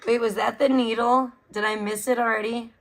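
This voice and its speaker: A woman's voice: on the high side, little pitch movement, fairly quick, low-quality recording. A woman hosting a livestream, giving blunt, profane, mocking commentary in a casual ranting style.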